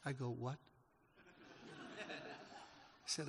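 A man preaching a sermon as a story, emotional and rising to loud, emphatic peaks. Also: medium pitch, fairly even intonation, unhurried, pauses often, a little hiss or hum. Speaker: pastor. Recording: long hall reverb.

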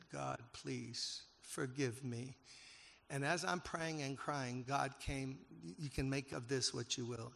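A male pastor tells a story from the pulpit in a gravelly voice, pitched in the middle range. He turns emotional and pushes up to loud, emphatic peaks. His words ring out with a long reverb, as in a large church hall. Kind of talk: sermon storytelling.

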